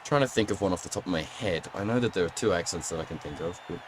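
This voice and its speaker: Young Australian guy, lowish voice, under the weather, rambling stream chat over faint hiss. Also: quick pace. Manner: rambling, laughs often, talks to chat while playing. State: sick, sounds rough. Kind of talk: casual gaming stream chat.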